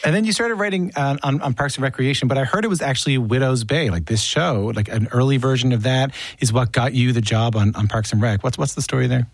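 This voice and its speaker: A man interviewing a TV writer, asking questions quickly with many stumbling restarts. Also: mid-range voice, no echo.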